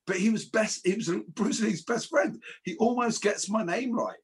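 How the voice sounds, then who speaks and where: Guy, kinda husky, rambly animated storyteller, swears a bit. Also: sits high, normal speed, few pauses. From England. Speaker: martial arts instructor. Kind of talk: casual podcast chat.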